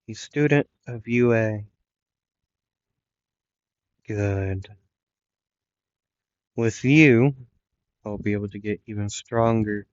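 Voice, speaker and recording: Cocky taunting fighter, read by a man; low, unhurried, lo-fi. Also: no room sound. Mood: smug. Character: cocky mysterious attacker, taunting.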